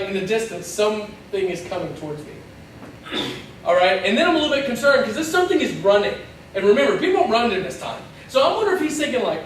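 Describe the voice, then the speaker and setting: High-voiced pastor in an echoey hall. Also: male voice, slight background noise. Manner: lively storytelling with acted-out voices and asides. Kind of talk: sermon. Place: church. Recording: echoey church hall from far off.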